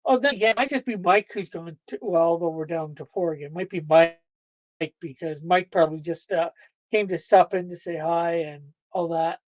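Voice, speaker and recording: A woman's voice: fairly low pitch, fairly quick, no echo, muffled recording. A woman hosting a livestream, chatting casually with viewers, rambling and laughing often. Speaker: livestream host.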